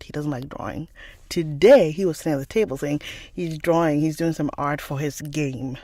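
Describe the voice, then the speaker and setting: A woman's voice: low voice, darkish tone, dry recording. Chatty rambling woman, dry close sound. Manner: chatty and rambling, laughs often while telling stories. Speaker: book channel host. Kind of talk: casual chat.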